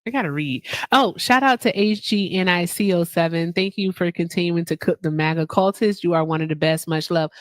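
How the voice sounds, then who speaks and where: A chatty woman hosting a live stream, speaking in with a slightly low voice. She reads messages from her chat and gives shout-outs. The sound is dry and close. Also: a little fast, hardly any pauses, no echo. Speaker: livestream host.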